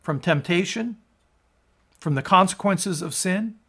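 Male pastor, slightly higher voice, earnest sermon delivery with swelling emphasis and quiet, low phrase endings. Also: animated, unhurried, husky. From United States. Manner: earnest, rises in emphasis on quotes, drops low at phrase ends; restarts and stumbles on words. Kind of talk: sermon, scripture reading and commentary.

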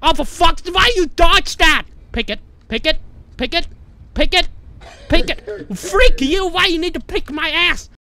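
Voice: very high-pitched, unhurried, pushed and bright. A gamer giving frantic, panicky commentary on a horror game, swearing constantly. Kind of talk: let's play commentary.

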